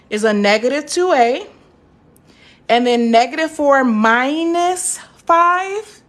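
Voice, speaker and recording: A young woman teaching a live math lesson, chatty and encouraging, stopping to answer viewer comments. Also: on the high side.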